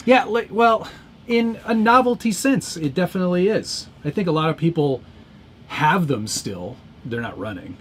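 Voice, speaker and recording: A man's voice: on the high side, big pitch swings, normal speed, slight background noise. A man co-hosting a casual livestream, joking and playful in his banter. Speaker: livestream co-host.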